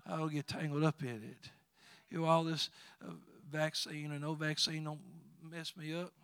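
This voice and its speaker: A man preaching a sermon in a fairly high voice, quoting scripture with rising fervor. He breaks into chuckling asides between points. The sound is dry and close. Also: level tone, moderate pace, fairly bright tone, clear, resonant tone, no echo. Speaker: pastor.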